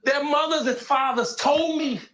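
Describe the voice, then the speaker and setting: A man's voice: very high-pitched, fairly even intonation, a little slow, a little hiss or hum. Agitated man in a televised interview. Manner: shouting, pleading, agitated. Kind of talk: emotional TV interview.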